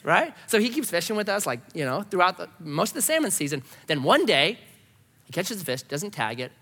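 A man's voice: sits high, very animated, fast talker, pushed and bright. A man preaching a sermon, telling anecdotes and acting out the voices of the people in them. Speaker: pastor. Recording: long hall reverb.

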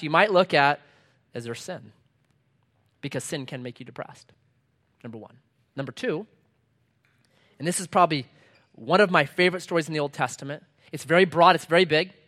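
Emphatic middle-aged pastor preaching. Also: male voice. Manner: emphatic, swings between loud punchy lines and quiet low asides; reads scripture aloud slowly and deliberately. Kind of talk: sermon.

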